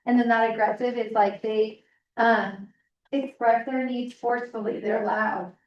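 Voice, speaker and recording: A distant microphone captures a roomy recording of a woman teaching parents in a seminar room, with the highs cut off and slight background noise. Her voice is fairly high and steady, her delivery unhurried, and she keeps things casual and conversational, repeatedly asking "right?"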